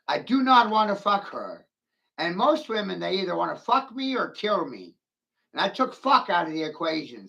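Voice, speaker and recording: A man's voice: high-pitched, vocal fry, sharp tone. A man in a rambling, taunting monologue, brash and profane, laughing at his own jokes. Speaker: vlogger ranting to camera.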